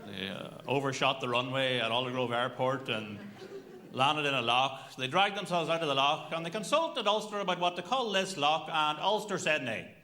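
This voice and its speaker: A man's voice: a little high, normal speed, bright, forceful tone. A man doing a stand-up routine in a dry, mock-serious way. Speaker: stand-up comedian.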